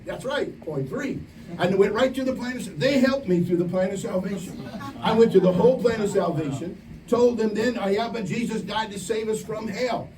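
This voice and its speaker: A high-voiced male preacher gives a camp sermon in a large, echoey room at a camp meeting. He tells stories animatedly and acts out quoted voices. A distant mic picks up faint ambience and slight background noise.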